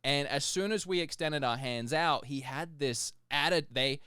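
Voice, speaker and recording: Animated male podcast co-host, smooth tone, dry booth sound. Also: fairly high pitch, normal speed, dry recording. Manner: animated storyteller, laughs often. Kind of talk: casual chat.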